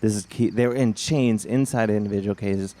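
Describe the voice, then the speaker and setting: A man's voice: on the low side, a little fast, warm tone. A man telling a rambling campfire story, laughing as he goes and briefly acting out the characters. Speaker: film director telling a story. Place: outdoor campfire event.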